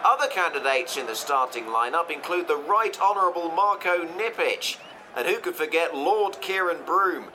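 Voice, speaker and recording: A pompous, rambling football reporter in a high, reedy voice, delivering a report full of puns. Clear crowd and stadium noise sit behind him on the line. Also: male voice. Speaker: pitch-side reporter.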